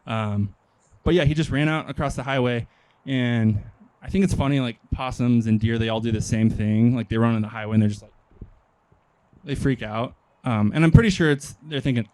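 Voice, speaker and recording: A young man from Nebraska doing a stand-up comedy set, deadpan and hesitant, with many pauses and ums. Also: medium pitch, dry recording. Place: outdoor park stage.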